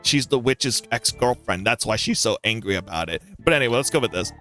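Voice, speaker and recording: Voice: mid-range voice, animated, brisk, fairly bright tone, soft background music. A let's-play host giving playful, jokey commentary over a story game.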